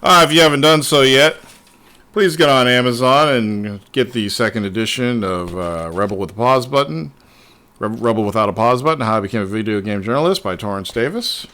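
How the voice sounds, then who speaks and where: A man hosting a casual livestream, talking excitedly and swearing often as he rambles to his viewers. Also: mid-range voice, fairly quick. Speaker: livestream host.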